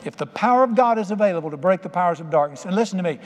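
Middle-aged male preacher, folksy emphatic storyteller, slightly higher voice, reverberant hall. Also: lively intonation, very fast. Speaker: pastor. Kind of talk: sermon.

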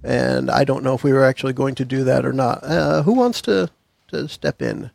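A man's voice: medium pitch, normal speed, vocal fry, a little mellow. A man hosting a tabletop game podcast, chatting casually and upbeat with his players, a little self-deprecating. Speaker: podcast host.

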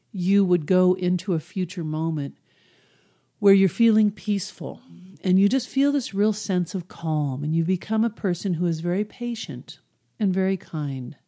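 Mellow-voiced woman explaining calmly. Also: lowish voice. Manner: relaxed and conversational, acts out inner voices. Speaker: podcast host, hypnosis coach. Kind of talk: casual teaching monologue.

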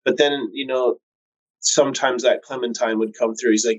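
Fairly quick and steady in tone, this man's mid-range voice comes through dull audio. A cannabis breeder guest, he chats casually, cursing freely, telling long stories, leaning on "um" and "like," and voicing the people he quotes.

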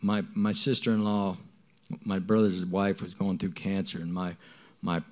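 Halting, earnest man giving testimony. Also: low-pitched, level tone, a little mellow. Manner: halting and earnest, with many restarts and repeated words. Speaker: church member giving testimony. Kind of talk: spoken testimony to a congregation.

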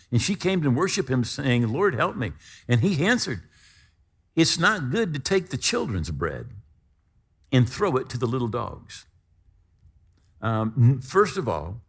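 A man preaching a sermon, emphatic, with dramatic swings between loud stresses and quiet drops. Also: medium pitch, husky. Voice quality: lively, expressive intonation.

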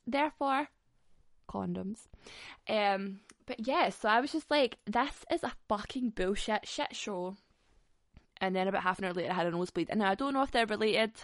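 A woman's voice: mid-range voice, gravelly, no room sound, studio quality. A young woman hosting a podcast, telling a frank story bluntly with lots of swearing and laughing mid-sentence. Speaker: podcast host. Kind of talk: candid comic storytelling.

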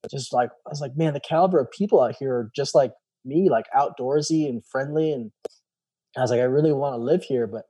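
A man tells a personal story in a relaxed, dark-toned voice at a mid pitch. He slips into quoted dialogue, often acting out the other speakers, and fills the gaps with "like" and "I was like.". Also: fairly quick, husky. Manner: animated, acts out quoted dialogue; many fillers and repeated "I was like". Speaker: guest telling his story. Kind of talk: casual storytelling.

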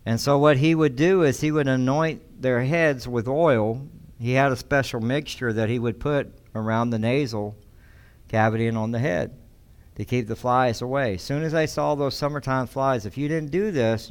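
A male pastor giving a sermon, reading scripture aloud and then explaining it in a conversational, halting way with frequent restarts. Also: mid-range voice, smooth. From United States.

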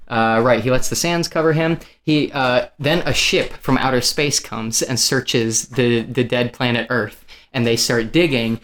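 A man's voice: mid-range voice, fairly even intonation, unhurried, fairly bright tone. Male podcast co-host, loose rambling storyteller who laughs a lot. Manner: rambling, laughs often, swears casually. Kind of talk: casual chat, retelling a story.

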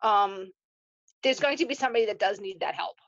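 A woman's voice: mid-range voice, fairly quick, fairly bright tone, dry recording. A woman in casual chat, talkative with many fillers, laughing easily. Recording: dull lo-fi dry sound.

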